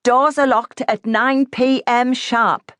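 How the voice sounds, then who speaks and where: Rich: An officious, irritated landlady, as a woman narrator puts her on, scolding a late-night caller. The voice sits up high with a sharp, indignant edge. The audiobook sound is close and dry. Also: fairly even intonation, takes it slowly, no echo.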